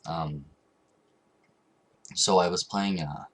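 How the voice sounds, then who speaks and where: Young man with a low, husky voice. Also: fairly even intonation, slow. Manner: rambling, with frequent ums and restarts. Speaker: vlogger. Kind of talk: casual storytelling vlog.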